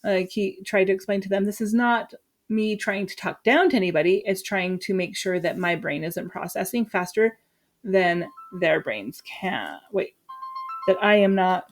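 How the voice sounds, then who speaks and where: A woman's voice: mid-range voice, normal speed, soft background music. A woman in her thirties, a drama teacher, chatting through her lesson plans from home, often stopping herself and laughing at her own slips. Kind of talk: walkthrough of a teaching unit.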